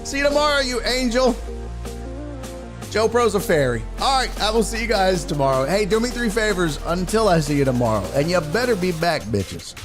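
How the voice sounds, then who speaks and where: Over music, a male sports talk show host speaks at a moderate pace, reading his livestream viewers' comments out loud. The mood is casual and clowning, his delivery energetic, his pitch rising and falling wildly.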